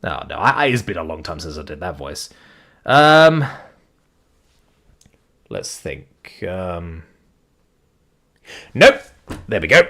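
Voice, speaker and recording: A man's voice: low voice, big pitch swings, takes it slowly, gravelly, pauses often, a bit bright. A man narrating a live reading, chatting casually with his viewers, thinking aloud and mocking himself. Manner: muttering, thinking aloud, self-deprecating. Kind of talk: casual live-stream chat.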